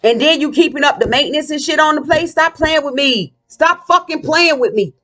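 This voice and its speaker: A woman's voice: high voice, expressive, brisk, fairly bright tone, faint music behind. A woman vlogger ranting in a casual monologue, blunt, profane and combative.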